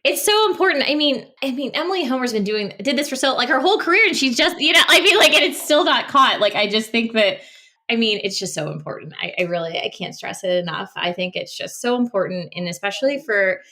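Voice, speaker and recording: A woman's voice: on the high side, animated, fast, bright, forceful tone. A woman speech-language pathologist talking earnestly and passionately as a podcast guest, with frequent restarts and fillers. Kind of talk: casual podcast interview.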